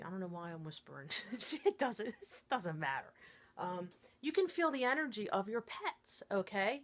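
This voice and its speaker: A woman's voice: medium pitch, lively intonation, normal speed, fairly bright tone. Chatty woman teaching energy reading. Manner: chatty, peppered with "like" and "okay?" checks. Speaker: intuitive card reader and Reiki practitioner. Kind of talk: casual step-by-step teaching to camera. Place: her own studio shop.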